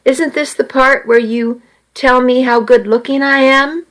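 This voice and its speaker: A woman reading as a calm teenage boy. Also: sits high, measured pace, pitched above the performer's own voice, rough recording. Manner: calm, matter-of-fact. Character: teenage boy, easygoing, teasing best friend.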